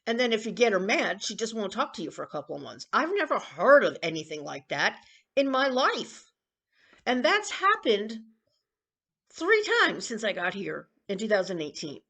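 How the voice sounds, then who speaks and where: A woman in her sixties rambling and confiding in a casual personal vlog, with coughs and throat-clearing. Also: medium pitch, very animated, normal speed, a bit bright. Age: 60s. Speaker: vlogger.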